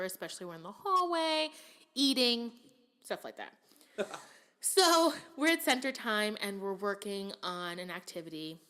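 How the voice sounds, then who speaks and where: A young woman teacher co-hosting a podcast, telling classroom stories with lots of laughter and self-quoting. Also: mid-range voice. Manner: animated storytelling, quoting herself in a raised voice, laughing often. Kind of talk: casual podcast chat.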